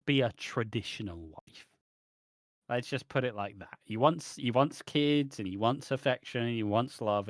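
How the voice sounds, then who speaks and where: A man's voice: medium pitch, a bit bright, dry recording, studio quality. A man co-hosting a casual podcast chat, emphatic and swearing often. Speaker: co-host.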